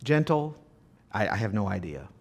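A man preaching a sermon to his congregation in a very expressive voice that rises and falls widely. He talks conversationally and tosses questions to the listeners. When he reads scripture aloud, he acts the lines out with real drama. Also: fairly low pitch, moderate pace. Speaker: pastor. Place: church service before a congregation.

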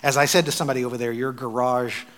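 A man's voice: medium pitch, very fast. Man preaching with wry storytelling. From United States. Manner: animated storyteller with wry asides. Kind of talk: sermon storytelling.

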